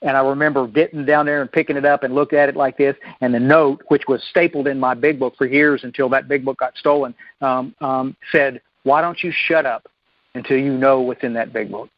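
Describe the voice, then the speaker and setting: A man telling his recovery story at a meeting, folksy and self-deprecating, often halting and restarting his sentences. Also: mid-range voice, steady tone, no room sound. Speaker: recovery speaker. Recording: dull lo-fi dry recording.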